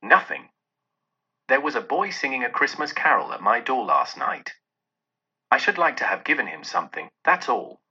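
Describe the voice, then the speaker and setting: A man's voice: medium pitch, big pitch swings, normal speed, sharp tone, breathy edge, exaggerated voice. A man voicing an elderly male miser who wavers between laughing and crying as old memories return. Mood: subdued. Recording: dull lo-fi recording.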